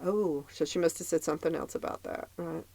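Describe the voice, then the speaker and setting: A woman's voice: deep voice, brisk, vocal fry, darkish tone. A woman co-hosting a podcast, recapping a dating show in casual chat, reading out her notes and laughing often. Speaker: podcast co-host.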